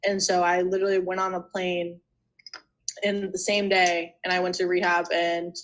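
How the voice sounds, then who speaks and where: A woman's voice: on the low side, little pitch movement, normal speed, rough recording. A young adult woman, a podcast guest, telling her personal recovery story in a rambling, casual way, full of "you know" and "like".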